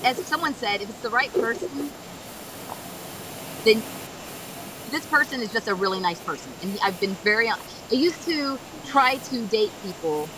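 A woman's voice: a little high, expressive, moderate pace, long pauses. A woman guest on a podcast, chatting casually and laughing easily as she tells stories. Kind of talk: casual chat. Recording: noisy recording with clear background noise.

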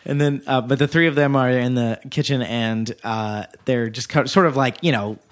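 Man, podcast co-host, casual film chat, rambling scene recaps, even middle pitch. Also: moderate pace. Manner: loose, rambling retelling of scenes.

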